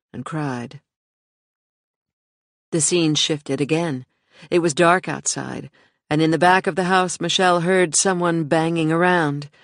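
An audiobook narrator reading in a steady, measured way. The pace is slow and unhurried. The recording is dry and close to the mic. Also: medium pitch, no echo.

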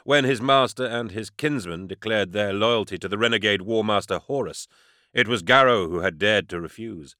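A man reading scripted narration in a steady, measured storytelling manner. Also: on the low side, no room sound, studio quality. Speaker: audiobook narrator.

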